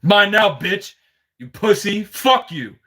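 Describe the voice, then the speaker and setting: A man voicing a big, brash male jail inmate who taunts and gloats in loud jeers. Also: high-pitched, animated, slow pace, voice pushed up, exaggerated voice. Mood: gloating.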